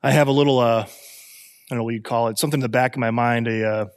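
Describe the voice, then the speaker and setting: A man in his thirties preaching a sermon, animated and conversational, often restarting and repeating his phrases. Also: medium pitch, racing, clear, resonant tone, big-room sound. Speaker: pastor.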